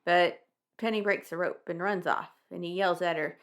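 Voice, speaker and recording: A woman's voice: lowish voice, steady tone, normal speed. A young woman co-hosting a podcast, casually recapping a children's book with wry, laughing asides and casual swearing. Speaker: podcast co-host.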